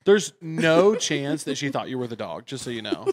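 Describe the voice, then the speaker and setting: A man's voice: mid-range voice, big pitch swings, moderate pace. A man chatting casually as a podcast host, telling stories in a wry, blunt way with some swearing. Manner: wry storyteller, blunt and profane. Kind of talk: casual chat.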